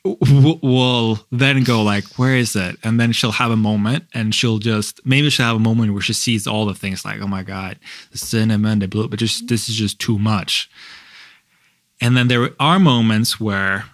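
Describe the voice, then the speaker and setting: Halting man with a dry sound. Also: on the low side, fairly even intonation, no echo. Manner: halting, many restarts and fillers. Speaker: husband in a couple's talk. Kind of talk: casual conversation.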